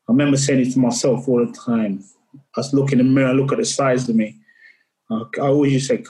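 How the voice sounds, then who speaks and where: A man's voice: medium pitch, steady tone, fairly quick, a little mellow, low-quality recording. A middle-aged man, a podcast guest, tells a personal story in earnest and often repeats words as he recalls it. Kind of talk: candid interview storytelling.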